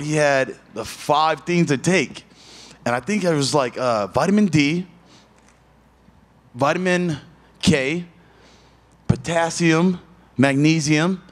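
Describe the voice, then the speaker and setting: A man in his thirties, a fighter at a media day interview, telling stories in a loose, profane way with lively voiced asides. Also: on the high side, a little slow, pauses often.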